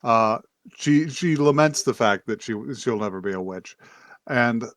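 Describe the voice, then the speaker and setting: A man's voice: medium pitch, animated, a little slow, a bit bright, no echo. A podcast host talking through an episode recap, rambling and restarting his sentences as he goes. His voice sits in a middle range, with dry, close sound. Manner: rambling with many fillers and restarts, laughs often. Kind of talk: casual recap chat.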